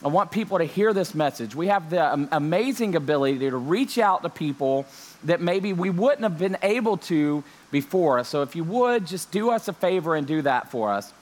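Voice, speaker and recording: A man's voice: a little high, moderate pace. A young man, a pastor, opening an online church service from home, joking with his viewers and dropping frequent amens. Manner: joking, lively preaching with many amens. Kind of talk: online church sermon intro. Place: home during lockdown.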